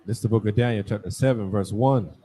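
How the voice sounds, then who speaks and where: A man reading scripture aloud to a class, slow and measured. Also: on the low side, noisy background. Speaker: scripture reader.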